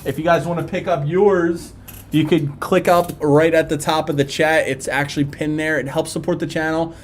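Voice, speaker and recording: A man's voice: on the high side, fairly even intonation, normal speed, a little hiss or hum. A man with a Philadelphia accent hosting a casual live stream, chatting and reading viewer comments aloud with plenty of fillers.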